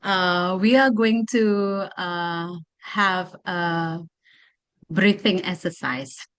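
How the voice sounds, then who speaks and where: A woman with an Indonesian accent presenting a teacher-training workshop, guiding a mindfulness exercise with slow, repetitive instructions and many pauses. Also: lowish voice, a bit bright, clean tone. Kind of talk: guided mindfulness workshop talk.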